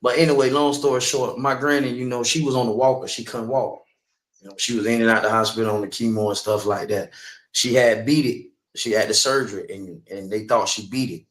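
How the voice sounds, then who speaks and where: A man's voice: mid-range voice, steady tone, a little fast, echoey room. A man preaching in the street, telling a personal story with emphasis and asking listeners again and again whether they understand.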